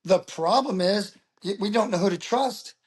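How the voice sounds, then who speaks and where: A middle-aged man, a public speaker, talking as an interview guest and telling stories in a lively way. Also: high-pitched, normal speed. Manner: animated storyteller who acts out quoted voices. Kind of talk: casual interview talk.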